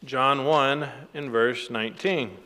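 A man's voice: mid-range voice, slow pace, sharp tone, big-room sound. A man teaching a sermon from the Bible, reading scripture aloud with rising emphasis and then explaining it plainly. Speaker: preacher.

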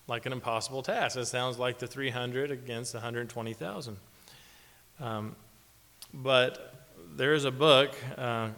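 A man preaches in an easy, conversational way, pausing on fillers and chuckling now and then. His mid-range voice carries a long reverb from a church sanctuary. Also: mid-range voice, a bit bright. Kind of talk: sermon.

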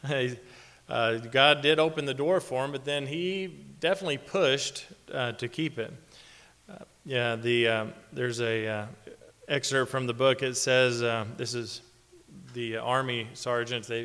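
A man preaches in an easy, conversational way, pausing on fillers and chuckling now and then. His mid-range voice carries a long reverb from a church sanctuary. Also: medium pitch, a bit bright. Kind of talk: sermon.

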